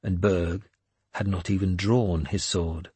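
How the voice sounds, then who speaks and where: A man reading a first-person story aloud as an audiobook narrator, in a measured, grave storytelling manner. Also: sits low, fairly even intonation, dark tone, breathy edge, dry recording.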